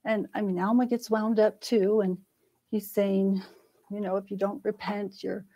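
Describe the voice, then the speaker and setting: A woman's voice: medium pitch, little pitch movement, moderate pace, mellow, low-quality recording. A middle-aged woman scholar, a guest in a conversational interview, speaking thoughtfully and earnestly. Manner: thoughtful, earnest, frequent restarts.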